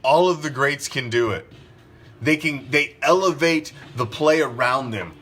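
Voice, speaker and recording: A man's voice: medium pitch, measured pace, fairly bright tone, husky, faint music behind. Profane, ranting male sports talker. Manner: profane, ranting, fires rhetorical questions. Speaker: sports podcast host. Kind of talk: opinionated sports talk.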